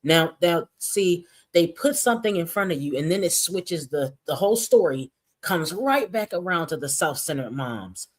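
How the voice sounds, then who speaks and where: A woman's voice: lowish voice, lively intonation, normal speed, breathy edge. A woman streamer giving sarcastic, gossipy commentary on clips she plays. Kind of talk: reaction commentary.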